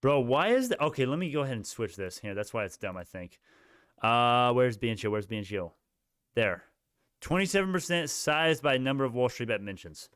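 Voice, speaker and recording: A man's voice: medium pitch, animated, fairly quick, a bit bright, clear, resonant tone, dry recording, clean studio sound. A young man hosting a casual stock livestream, ranting heatedly at his chat with many restarts.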